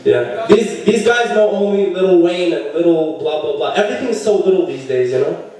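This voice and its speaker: A man's voice: lively intonation, normal speed, warm tone. A young man doing a crude stand-up set, telling stories and jumping into characters' voices. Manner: crude storytelling, acts out characters with jumpy pitch. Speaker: stand-up comedian. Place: comedy club stage. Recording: very echoey room, voice from far off the mic.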